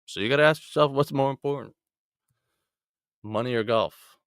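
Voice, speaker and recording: A man's voice: mid-range voice, normal speed, fairly bright tone, clear, resonant tone, dry recording, studio quality. A young man hosting a casual chat about trading, loose and joking as he scrolls through charts. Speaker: trading show host. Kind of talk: casual chat reviewing trades.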